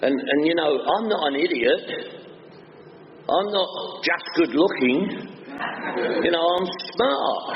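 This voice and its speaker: Sharing his recovery story with a meeting, this Englishman with a Northwest London accent is blunt and joking, tossing out rhyming quips. His slightly high, animated voice moves slowly with frequent pauses, recorded dull and echoey in a hall with slight background noise.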